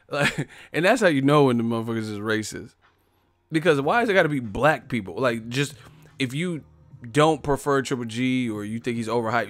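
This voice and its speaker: A man's voice: medium pitch, no echo, studio quality. A man hosting a casual boxing live stream, laughing and swearing as he mocks his chat. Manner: laughing, profane, mocking banter.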